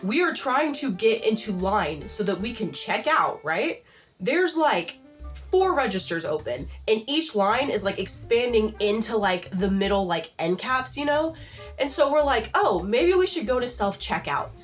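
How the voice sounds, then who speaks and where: A young adult woman telling a comedic storytime rant in a vlog, exasperated and animated, peppered with "like". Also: medium pitch, a little slow, faint music behind. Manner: exasperated, animated, heavy use of "like". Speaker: vlogger.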